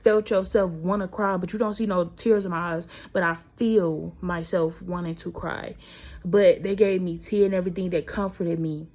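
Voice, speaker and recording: A woman's voice: fairly low pitch, darkish tone. A young woman telling a personal story to her viewers in a casual vlog, emotional and fighting back tears as she talks.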